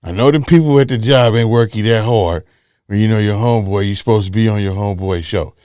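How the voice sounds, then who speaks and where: A man's voice: on the low side, quick pace, mellow, smooth, no room sound, studio quality. A man hosting a casual talk show, rambling loosely and repeating phrases for emphasis. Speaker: podcast host.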